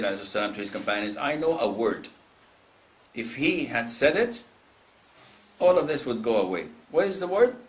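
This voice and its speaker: A male Islamic preacher giving a lecture, telling stories with lively acted-out voices and frequent laughter. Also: mid-range voice. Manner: animated storytelling, mimics callers in raised voices.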